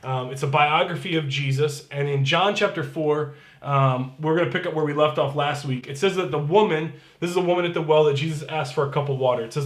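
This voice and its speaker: A man's voice: a little high, brisk, echoey room. A man serving as pastor, giving casual church announcements in an upbeat, chatty way and reading scripture aloud.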